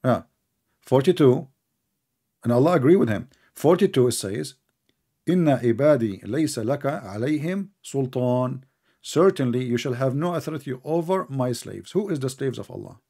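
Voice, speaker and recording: A man's voice: medium pitch, animated, moderate pace, gravelly, dark tone, slightly rough. A man with a non-native English accent hosting a heated religious debate call, mocking and sarcastic toward the caller. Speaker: debate show host.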